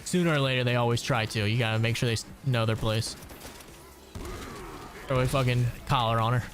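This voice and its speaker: A man's voice: medium pitch, fairly even intonation, fairly quick, over music. A young man streaming a game, chatting casually with a crude, joking manner, answering chat and laughing often.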